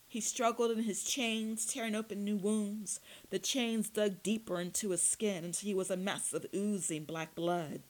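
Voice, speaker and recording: A woman reading a dark fantasy story aloud in steady audiobook narration. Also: mid-range voice, a little slow, low-quality recording.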